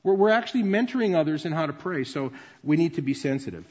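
High-voiced male pastor, booming hall. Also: expressive, fast, darkish tone. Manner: conversational, explanatory teaching. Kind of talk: sermon. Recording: dull sound with long reverb in a large hall.

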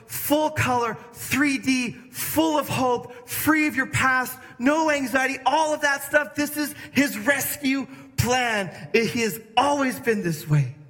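A man preaching a sermon to a congregation, lively and emphatic, shifting his pace for emphasis. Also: very high voice. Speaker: pastor. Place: church hall with congregation. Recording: echoey hall.

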